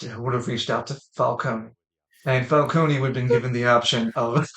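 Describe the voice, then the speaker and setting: A man's voice: mid-range voice, a bit bright. A man running a tabletop role-play game as game master, narrating in a rambling way and correcting himself as he goes. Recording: echoey room.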